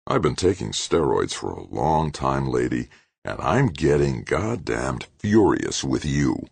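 A man voicing a violent, menacing man who snarls slow threats. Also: rumbling low, very animated, vocal fry, husky, no room sound, heavily acted. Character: brutal, menacing man in a spacesuit, violent temper.

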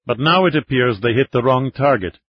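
A grave Russian security major speaks in a formal, measured, husky voice, as a male narrator puts him on. The recording sounds dull and dry. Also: mid-range voice, lively intonation, no room sound.

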